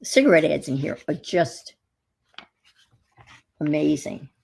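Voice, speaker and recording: A woman's voice: deep voice, slow, gravelly, a little mellow, slightly rough. A woman hosting a casual live chat while crafting, rambling as she goes and greeting viewers by name. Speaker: craft livestream host.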